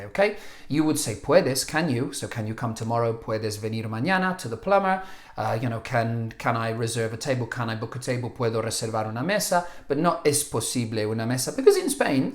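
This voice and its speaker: A man teaching a language lesson on video, animated, jokey and a bit exasperated. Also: mid-range voice. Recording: echoey room.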